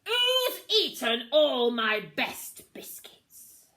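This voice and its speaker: A woman's voice: sits high, wildly swooping pitch, drawn-out words, sharp tone, pitched above the performer's own voice, exaggerated voice. A woman doing a growling pirate captain. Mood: angry. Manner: growling, bellowing. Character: bad-tempered gruff pirate captain, man.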